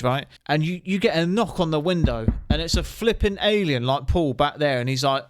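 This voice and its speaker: A man, chatting casually and teasing the viewer with questions. His voice sits a bit high. The sound is close and dry, with no room in it. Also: lively intonation, moderate pace, hardly any pauses, dry recording. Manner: playful, joking, asks the viewer questions. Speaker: host. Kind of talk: casual chat to camera.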